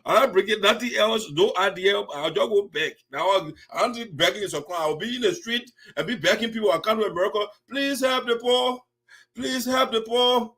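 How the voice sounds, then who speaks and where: Man, Liberian accent, high voice, playful mocking commentary host. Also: quick pace, hardly any pauses, fairly bright tone, breathy edge. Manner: mocking, playful, repeats phrases with laughter. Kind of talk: political commentary show.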